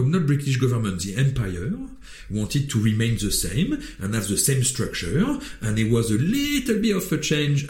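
A man with a French accent talks in a lively, opinionated chat, swearing often and breaking off mid-sentence. His tone is mellow and dark. The voice rings in a roomy, echoing space. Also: fairly low pitch. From France. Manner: animated, swearing, wandering restarts. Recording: roomy echo.

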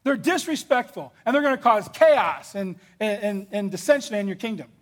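A man doing a hasty, excitable royal schemer. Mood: eager. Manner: hurried, stammering pitch to the king.

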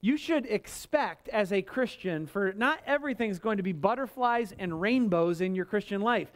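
A male pastor delivers a sermon in a lively, conversational way. He keeps calling out for amens from the congregation, and he acts out complaints in a higher, more strained voice. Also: moderate pace.

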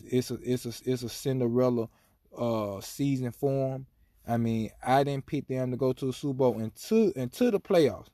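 A man talks sports in an emphatic, rambling way, often restarting his sentences. His voice is warm and mellow at a middling pitch. The recording is close and dry. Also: no echo. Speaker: sports commentator. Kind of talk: casual opinion monologue.

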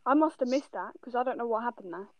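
A woman's voice: a little high, animated, quick pace, no room sound. A woman giving hesitant, chatty opinions over an online call. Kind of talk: casual chat. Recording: dull lo-fi call audio.

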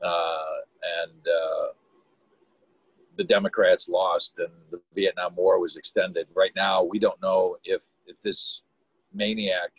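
A man's voice: low-pitched, level tone, slow, breathy edge, no room sound, rough recording. A man hosting a casual video chat, earnest and rambling as he searches for words.

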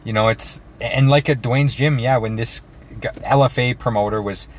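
A man's voice: mid-range voice, moderate pace. A young man co-hosting a podcast, talking things through in a thoughtful, hedging, casual way. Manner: thoughtful, hedging, says man and you know a lot. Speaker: podcast co-host. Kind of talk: casual chat.

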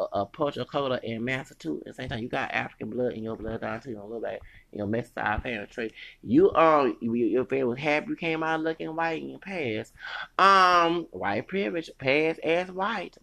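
A man's voice: medium pitch, gravelly, fairly bright tone. A man hosting a podcast, delivering a heated, profane, rambling solo rant full of restarts.

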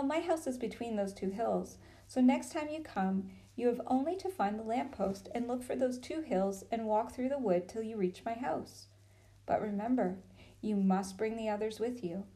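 A woman's voice: on the high side, moderate pace, dark tone, natural voice. Woman reading as a sly, coaxing witch queen. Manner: smooth and persuasive.

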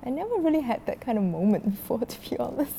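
A woman's voice: a little high, fast talker, creaky, a little hiss or hum. A woman guest on a podcast telling a story animatedly in casual talk, peppered with "like" and laughter. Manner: animated retelling, heavy filler "like", frequent laughter.

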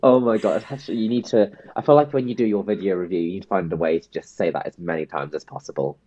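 Deep-voiced guy rambling on a podcast, lots of ums, muffled dry mic. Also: quick pace, dark tone, dry recording. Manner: rambling, hesitant, laughs often. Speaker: podcast co-host. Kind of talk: casual podcast chat. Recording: dull, dry lo-fi sound.

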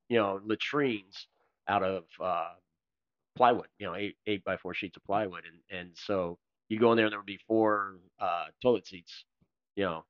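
A man with a lowish voice talks in a relaxed, halting way as a podcast guest, pausing often on "uh". The sound is dry and close, with a dull, lo-fi quality. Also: dry recording. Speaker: podcast guest and Army veteran. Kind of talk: casual chat.

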